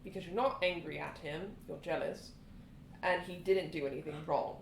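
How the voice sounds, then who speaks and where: A woman's voice: low-pitched, steady tone, moderate pace, gravelly. A woman playing a tabletop role-play game, narrating her character's actions and arguing animatedly with another player. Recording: echoey room, faint background noise.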